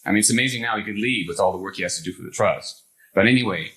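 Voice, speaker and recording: Older man, low voice, storytelling to a live audience, animated, acts out the voices in his story. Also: rapid-fire, poor audio. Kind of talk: anecdotal talk to a live audience.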